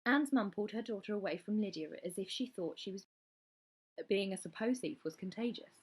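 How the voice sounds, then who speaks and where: Husky woman reading a chapter aloud, steady and measured. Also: medium pitch. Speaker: reader.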